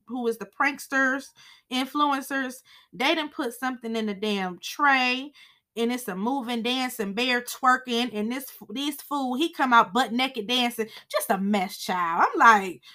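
Young woman, podcast host, bright tense voice, sassy slangy recap, animated storytelling. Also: on the high side. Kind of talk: casual recap and review.

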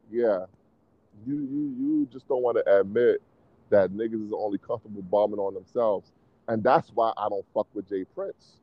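A man's voice: fairly low pitch, no room sound, highs cut off. A man arguing provocatively in a casual podcast chat, repeating his points with rising heat. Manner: provocative, heated, repetitive, laughs at own claims. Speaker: podcast co-host.

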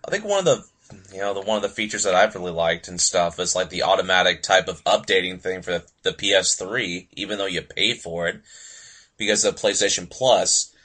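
A man's voice: sits low, a little fast, pushed and bright, slightly rough. A young man co-hosting a casual gaming podcast, rambling with lots of fillers and laughing often. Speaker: podcast co-host.

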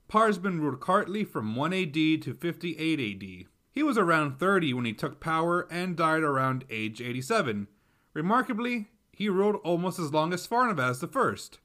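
A man's voice: on the high side, a bit bright. A man hosting a history podcast, reading a script with wry, sarcastic asides.

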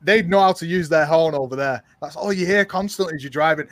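A man's voice: fairly high pitch, quick pace, no echo. A man in casual chat, telling laid-back stories with casual swearing and laughs.

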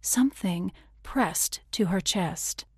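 A woman reading a first-person literary audiobook in a measured, intimate way, slipping into whispers on tender passages. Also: medium pitch, slightly rough, no echo, clean studio sound. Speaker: audiobook narrator.

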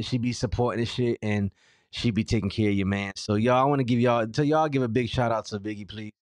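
A man's voice: fairly low pitch, dry recording. A man hosting his own podcast solo, talking in a loose, profane, irritated way with a sore mouth. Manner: profane, loose and irritated, swings from muttering to loud outbursts. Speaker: podcast host. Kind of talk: casual solo podcast rant.

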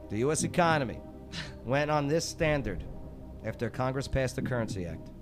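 A man's voice: mid-range voice, expressive, moderate pace, over music. A man hosting a radio show, playfully setting up pun riddles for his co-hosts. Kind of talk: joking trivia banter.

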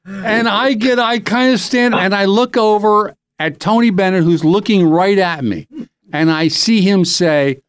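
A middle-aged man hosting a podcast, telling a rambling, animated anecdote in casual chat. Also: high-pitched, a little slow, a crowd in the background. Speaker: podcast host.

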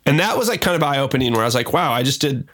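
A man's voice: medium pitch, expressive, racing, a bit bright, a little hiss or hum. An American man, a record producer, talking loosely and profanely in a casual podcast chat. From United States. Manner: loose and profane, many fillers.

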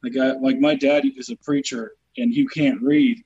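A man with a Southern US accent, a comedian guest on a podcast, telling stories in an animated, profane way. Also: mid-range voice, moderate pace, husky, dull audio. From Southern United States. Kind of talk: casual podcast chat.

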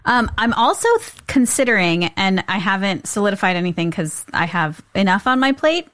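A woman co-hosting a podcast in casual, relaxed chat, using "like" a lot. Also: medium pitch, moderate pace. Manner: relaxed, chatty, says "like" often. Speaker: podcast co-host.

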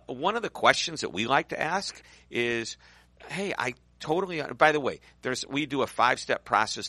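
A man's voice: mid-range voice, bright, forceful tone, no echo. A middle-aged man hosting a business radio show, chatting and telling stories to his guest. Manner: storytelling, chatty, upbeat.

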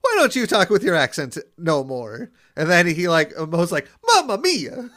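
A man with a fairly high voice co-hosts a podcast, chatting loosely as he retells an episode. He laughs often and lets sentences trail off. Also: very animated, moderate pace, bright, forceful tone. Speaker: podcast co-host. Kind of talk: casual chat recapping an episode.

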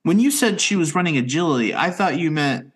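A man's voice: a little high, lively intonation, fairly quick. A young man co-hosts a laid-back podcast. He tells stories with a joking edge, swears freely, and recaps a show's plot in an easy conversational way. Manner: joking, profane, storytelling. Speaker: podcast co-host. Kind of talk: casual chat and episode recap.

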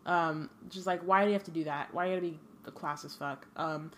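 A woman's voice: deep voice, brisk, few pauses. A young woman co-hosting a podcast, reading a novel aloud in a plain voice and breaking off for blunt, profane asides. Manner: reads a novel aloud with little character acting, drops into profane asides. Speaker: podcast co-host. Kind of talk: casual read-aloud and book chat.

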